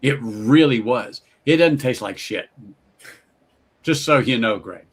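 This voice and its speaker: Middle-aged male host, casual storyteller, mid pitch, animated quotes. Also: slow, husky. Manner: storytelling, animated quoted voices, laughs often. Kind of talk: casual chat.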